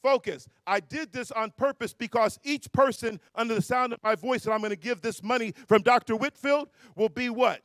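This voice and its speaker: Man with a high, bright voice firing up a conference crowd, slangy, call-and-response energy. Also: moderate pace, few pauses, no room sound, clean studio sound. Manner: energetic, hyping up the crowd, counting off and shouting; slangy and playful. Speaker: motivational speaker at a youth conference. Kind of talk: motivational speech with call-and-response. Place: hotel ballroom at a live event.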